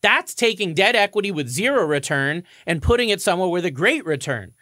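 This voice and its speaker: A man's voice: high voice, animated, a little fast, bright, forceful tone, dry recording, studio quality. A man co-hosting a radio show, explaining mortgages in a confident, explanatory way. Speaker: mortgage expert co-host.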